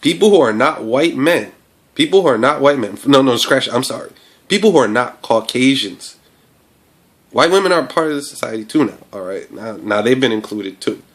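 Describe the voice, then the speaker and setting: A man's voice: mid-range voice, lively intonation, normal speed, a bit bright. A man from the United States giving an impassioned, profane monologue as a vlogger, full of fillers and restarts. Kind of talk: ranting monologue to camera.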